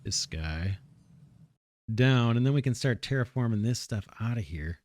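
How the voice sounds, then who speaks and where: A man's voice: medium pitch, expressive, normal speed, a little mellow, dry recording, studio quality. Man musing aloud over a factory game. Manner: thinking aloud, musing and self-correcting. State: slightly losing his voice. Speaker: let's play host. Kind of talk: casual gameplay commentary.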